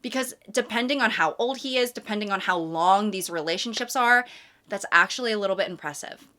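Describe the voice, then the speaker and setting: A woman's voice: medium pitch, a bit bright. A young adult woman hosting a comedic commentary vlog, reading dating messages with sarcastic, exasperated asides. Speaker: YouTube host.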